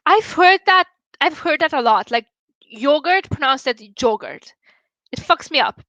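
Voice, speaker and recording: A woman's voice: sits high, lively intonation, normal speed, sharp tone, no room sound. Woman, young, Romanian accent, casual streaming chat, swears and laughs, slightly dull audio.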